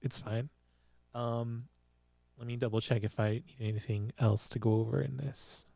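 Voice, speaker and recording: Male podcast host, casual giggly recap voice, mellow tone, close dry sound. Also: mid-range voice, moderate pace, creaky, no room sound. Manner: giggly, animated storytelling with frequent laughs. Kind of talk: casual chat recapping a TV drama. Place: small studio with a producer present.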